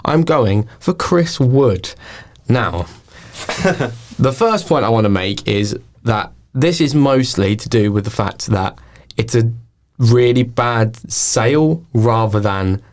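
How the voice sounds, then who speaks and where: A man's voice: mid-range voice, expressive, slow. Easygoing man, laughing often. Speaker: podcast co-host. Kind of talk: casual football chat.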